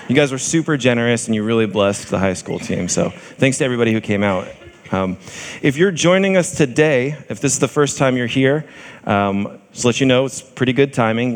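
A man preaching a sermon as a pastor, conversational and joking, with frequent ums. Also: medium pitch. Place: church sanctuary. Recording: long hall reverb.

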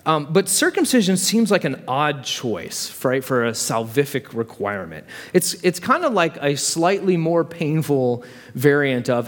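Animated, conversational preacher in a hall. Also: male voice, on the high side, normal speed, hardly any pauses. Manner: conversational, vivid storytelling. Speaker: pastor. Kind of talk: sermon.

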